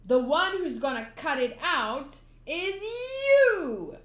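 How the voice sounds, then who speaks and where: A woman reading a manga aloud voices a fiery young female thief who shouts and scolds. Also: high voice, sing-song, slow pace, voice pushed up, full character voice. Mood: angry. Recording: echoey room.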